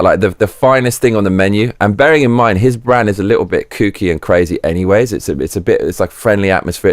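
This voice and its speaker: A man's voice: fairly low pitch, no room sound, clean studio sound. A man hosting a live chat stream, rambling and swearing freely with lots of restarts. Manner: rambling and profane, with many restarts. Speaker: livestream host.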